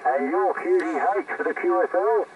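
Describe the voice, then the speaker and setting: A man's voice: sits high, normal speed, narrow, tinny audio, over a noisy crowd. An Australian man speaking over amateur radio, bantering and using radio slang. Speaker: amateur radio operator on the other end. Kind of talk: casual ham radio chat. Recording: distant noisy radio transmission.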